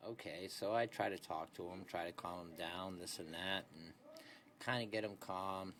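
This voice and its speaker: A young man with a low, unhurried voice tells a rambling story, leaning on fillers like "anyways" and "this and that". It sounds like a casual phone recording, with a faint hiss underneath. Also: fairly even intonation, a bit bright. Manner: rambling, laid-back, many fillers like "anyways" and "this and that".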